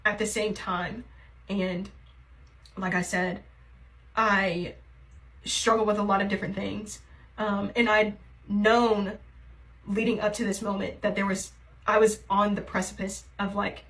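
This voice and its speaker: A young woman pours out a personal story in a confessional vlog. She rambles and hesitates, leaning on fillers as she goes. Her voice sits at an ordinary middle pitch, emotionally raw and confiding. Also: a bit bright, low-quality recording. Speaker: TikTok creator. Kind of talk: confessional get-ready-with-me vlog.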